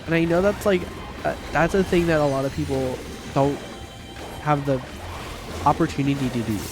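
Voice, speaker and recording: A man in his thirties chatting casually on a game livestream, rambling and swearing, with sudden loud outbursts. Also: a little high, over music. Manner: profane, rambling, quick bursts of shouting. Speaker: streamer. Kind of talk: casual livestream chat while gaming.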